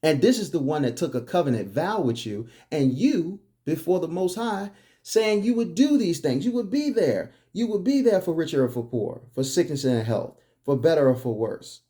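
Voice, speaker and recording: A man's voice: fairly high pitch, very animated, normal speed, dark tone. A man delivering a preachy monologue, firing off emphatic, repetitive rhetorical questions. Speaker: commentary host.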